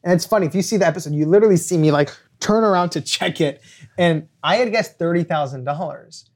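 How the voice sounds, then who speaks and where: A young man, a podcast guest and author, telling an animated anecdote and acting out quoted lines. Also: on the high side, fast talker. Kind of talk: storytelling anecdote.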